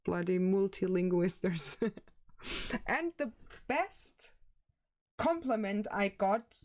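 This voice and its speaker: A woman's voice: medium pitch, big pitch swings, slow pace, a little mellow. A woman from Germany with a German accent, chatting casually with her livestream viewers and now and then searching for the right English word. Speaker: streamer.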